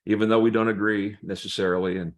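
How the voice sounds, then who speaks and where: A man, a pastor, telling humorous stories in a relaxed chat, laughing as he acts out the people in them. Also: lowish voice, quick pace. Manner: humorous, laughing storyteller, acts out quoted voices. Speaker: pastor and guest. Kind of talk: casual storytelling chat.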